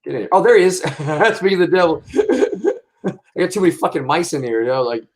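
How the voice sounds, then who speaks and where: High-voiced, profane livestream host. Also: male voice, fairly quick. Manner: profane, rambling, excitable. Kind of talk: casual livestream chat.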